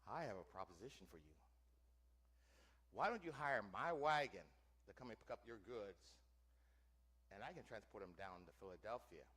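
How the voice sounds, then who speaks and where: Man, living-history reenactor, theatrical, quizzes the crowd, bright voice, very animated pitch. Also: normal speed, pauses often, breathy edge. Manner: theatrical, quizzing the audience with questions. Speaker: living-history reenactor playing a wagon teamster. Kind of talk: first-person historical interpretation to a live audience. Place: church hall, before an audience.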